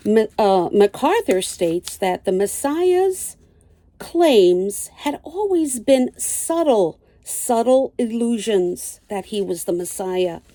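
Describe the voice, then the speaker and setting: An older woman teaching a Bible lesson, reading slowly and deliberately and citing chapter and verse. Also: medium pitch, sing-song, mellow.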